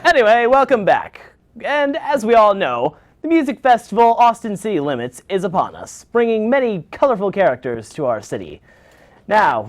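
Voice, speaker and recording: A woman hosting a comedy late-night show, with a mock-formal, dry comic delivery. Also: on the low side. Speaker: talk show host.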